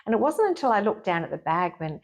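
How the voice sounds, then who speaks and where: A middle-aged woman, a therapist, frankly and lively telling a personal story as a guest in an interview. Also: on the low side, quick pace. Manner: frank and lively, acts out her own inner voice.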